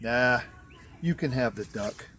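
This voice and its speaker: A man doing a huge gruff country farmer. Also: medium pitch, expressive, slow pace, over loud music, voice pushed down. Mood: dry.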